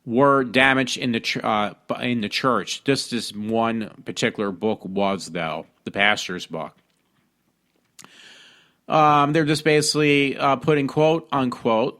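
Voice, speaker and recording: A man from hosts a casual talk show at an ordinary mid pitch. He reads news stories aloud, stumbling through ums and restarts as he comments on them. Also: fairly bright tone. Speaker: podcast host.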